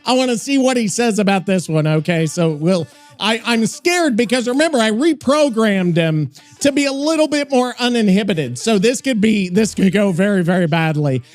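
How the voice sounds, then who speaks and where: Excitable high-voiced podcast host man. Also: moderate pace, soft background music. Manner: profane, excitable, rambling. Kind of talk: casual podcast chat.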